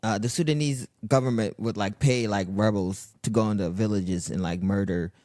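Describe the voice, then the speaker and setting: A young man from Egypt, a comedian guest on a podcast, chatting in a relaxed, laid-back way. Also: fairly low pitch, normal speed, no room sound, studio quality. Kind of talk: casual chat.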